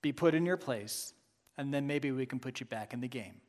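A man's voice: mid-range voice, normal speed, a little mellow, long reverb tail. A man preaching a sermon with emphatic, rhetorical asides to his congregation. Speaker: pastor.

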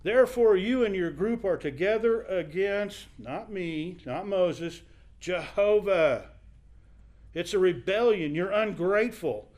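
High-voiced man teaching a Bible lesson. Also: animated, takes it slowly, a little mellow. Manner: conversational, acts out quoted speakers. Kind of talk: sermon.

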